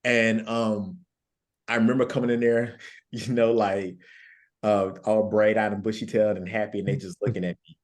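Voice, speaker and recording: A man's voice: fairly low pitch, little pitch movement, moderate pace. A man speaking as a guest life coach on a panel, telling stories earnestly and repeating key phrases for emphasis. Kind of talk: panel discussion, storytelling.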